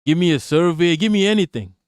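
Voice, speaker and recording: A man's voice: fairly high pitch, expressive, fast talker, smooth, no echo, clean studio sound. A man hosting a livestream, ranting about politics in a profane, mocking way, repeating himself and laughing often. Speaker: livestream host. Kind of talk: casual political rant on a livestream.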